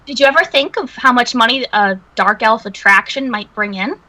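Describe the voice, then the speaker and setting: A woman's voice: fairly high pitch, animated, normal speed, sharp tone, poor audio. A woman playing in a tabletop game, blunt and wry, swearing freely. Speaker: player.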